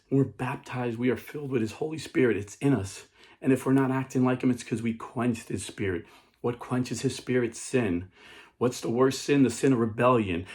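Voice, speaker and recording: A man's voice: medium pitch, a little mellow. A man preaching an earnest sermon and telling a parable, often restarting and repeating words. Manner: tells a parable. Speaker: Catholic preacher.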